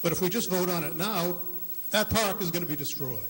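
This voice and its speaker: A man's voice: high-pitched, a little fast, fairly bright tone. A man from Massachusetts speaking earnestly at a town meeting, often restarting his phrases. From Millis, Massachusetts. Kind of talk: public meeting speech. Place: large meeting hall. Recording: echoey hall, faint noise.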